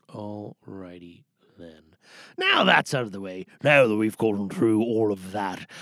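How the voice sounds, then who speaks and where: Man from Canada, podcast game host: rambling, chatty, somewhat high voice. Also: no echo, studio quality. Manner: chatty, rambling, often trailing off. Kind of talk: casual podcast hosting.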